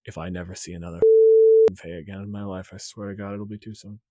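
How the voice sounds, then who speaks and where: A man's voice: low voice, little pitch movement, quick pace, a little mellow, dry recording. A man playing a weary beaverfolk baker in a tabletop game, dry and politely sarcastic, in his own everyday voice. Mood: weary sarcasm. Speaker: player.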